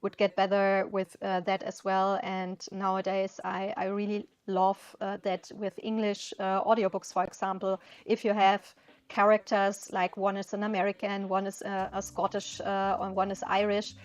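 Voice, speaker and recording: A woman's voice: medium pitch, completely flat delivery, normal speed, clean tone. A woman with a German accent, a native German speaker, chatting casually and a little hesitantly as she colors, searching for words, with faint music behind her. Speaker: coloring channel host. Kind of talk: casual chat while coloring.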